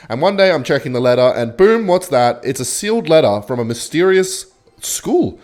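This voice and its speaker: A young man with a London accent, casually telling a comic, swearing story while playing a game, with quick jumps in his voice. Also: fairly high pitch, sing-song, darkish tone. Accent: London English. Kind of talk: casual storytelling over gameplay.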